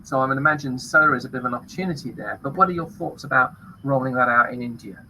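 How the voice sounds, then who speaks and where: A man's voice: mid-range voice, quick pace, sharp tone, a little hiss or hum, poor audio. A man hosting a panel discussion, moderating in a friendly, loose, chatty way over a video call. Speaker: podcast host.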